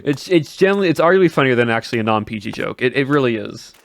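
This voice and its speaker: Young man, livestreamer, casual rambling chat, answers viewers, middle pitch. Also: lively intonation, fast talker.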